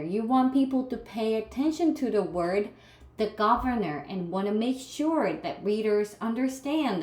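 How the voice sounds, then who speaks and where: A woman's voice: a little high, normal speed, darkish tone. A woman with a Korean accent giving a recorded writing lecture, explaining patiently step by step with examples. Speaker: writing instructor. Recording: echoey room.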